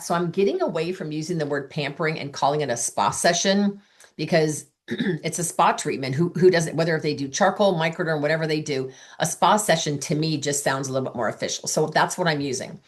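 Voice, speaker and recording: A woman with a notably deep voice talks through sales coaching in a chatty, storytelling way. She acts out the lines of the conversations she recalls. She sounds middle-aged and at ease. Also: animated, fast. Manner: chatty, acts out quoted dialogue. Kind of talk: coaching talk with anecdotes.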